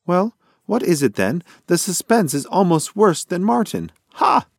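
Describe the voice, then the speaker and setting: A man voicing a boastful, joking male pigeon who talks in loud, high, theatrical bursts. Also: big pitch swings, measured pace, gravelly, dry recording, clean studio sound, exaggerated voice.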